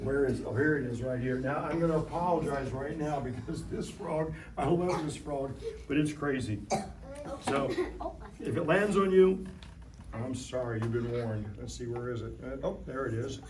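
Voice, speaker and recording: A man's voice: medium pitch, moderate pace, a crowd in the background. A middle-aged man giving a hands-on science demonstration to a classroom of young children, playful and jokey, coaxing them with questions. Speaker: science educator. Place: elementary school classroom.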